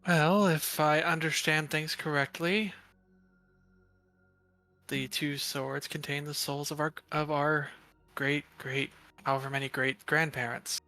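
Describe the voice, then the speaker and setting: A man quietly and politely speaking as his character in a tabletop game, measured and careful. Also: a little high, fairly even intonation. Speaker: player.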